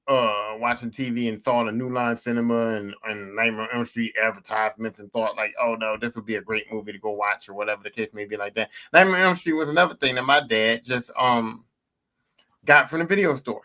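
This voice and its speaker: A man hosting a podcast, telling stories in a profane, animated, casual way and repeating himself for emphasis. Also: medium pitch, fairly quick. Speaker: podcast host. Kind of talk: casual storytelling monologue.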